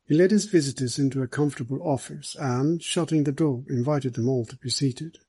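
A man narrates a detective story in an audiobook reading, measured and even. His voice sits at a middle pitch with a husky, breathy grain. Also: no room sound.

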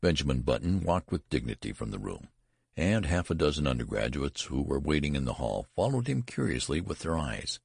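Very deep, gravelly male narrator. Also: big pitch swings, fairly quick, a little mellow, dry recording, clean studio sound. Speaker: audiobook narrator. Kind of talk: scripted narration.

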